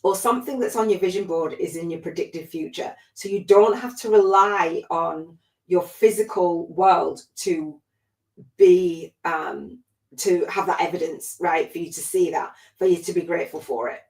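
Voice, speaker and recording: A lower-voiced woman coaching on a livestream, warm and gushing, laughing often and choking up with tears. She sounds like she's in a roomy space that gives her voice a noticeable echo. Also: normal speed. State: close to tears. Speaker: spiritual life coach and podcast host. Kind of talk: emotional motivational livestream talk.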